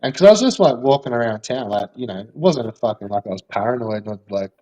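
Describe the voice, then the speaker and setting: A man's voice: medium pitch, animated, fast, mellow, poor audio. A man telling a rambling, swear-filled story in casual chat, with lots of fillers.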